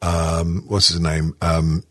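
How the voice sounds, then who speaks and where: A man's voice: sits low, flat delivery, slow pace. A man hosting a podcast, chatting casually in sweary, laughing banter. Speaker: podcast host. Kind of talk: casual chat.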